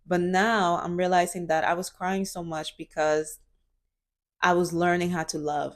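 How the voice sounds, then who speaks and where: A woman's voice: lowish voice, level tone, unhurried. A woman in her twenties talking earnestly in a reflective personal vlog, searching for words with fillers and restarts. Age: 20s. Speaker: vlogger.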